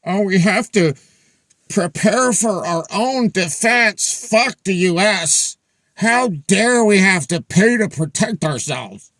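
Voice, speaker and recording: An indignant, whiny European official, as a man mocks him in a sneering tone. The voice rises a little above the man's usual pitch and stays dry and close. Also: lively intonation, slow, fairly bright tone, no echo, full character voice. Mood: mocking. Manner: sneering mock whine.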